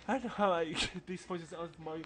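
A man's voice: a little high, a bit bright. A man hosting a let's play, giving casual game commentary with joking, laughing asides.

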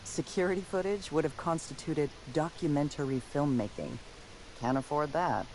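A man voicing a deadpan formal detective robot. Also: on the high side, normal speed, slight background noise, lightly acted, poor audio. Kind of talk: video game dialogue.

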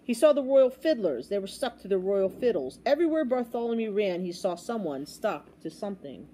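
A woman reading a children's storybook aloud with expressive, dramatic storytelling. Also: medium pitch, fairly quick, slight background noise. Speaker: storybook reader.

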